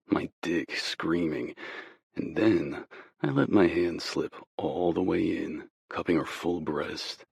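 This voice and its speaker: A man with an extremely deep, gravelly voice narrates a romance audiobook in the first person. His tone is husky and slow, with an intimate, low-key delivery. The recording is dry and close to the mic. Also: dry recording.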